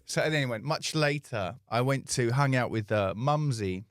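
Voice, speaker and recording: A man co-hosting a comedy podcast, telling an anecdote in a casual, animated way and acting out the people in it. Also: mid-range voice, normal speed, dry recording, studio quality. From England. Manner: animated, acts out voices in anecdotes. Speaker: podcast co-host.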